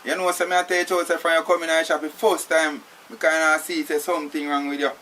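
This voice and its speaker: A man's voice: fairly high pitch, flat delivery, fast talker, sharp tone, slight background noise. An actor with a Jamaican accent playing a tied-up man who pleads and argues with his captor, filling his talk with "you know". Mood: accusing. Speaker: actor in a film. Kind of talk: film dialogue.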